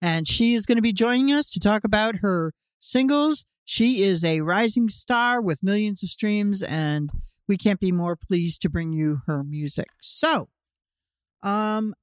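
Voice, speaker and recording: A woman's voice: mid-range voice, a little slow, no echo. A woman co-hosting an indie music show, chatting casually, laughing often and playing along with the jokes. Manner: giggly and lively, laughs often. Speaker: show co-host. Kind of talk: casual radio show chat.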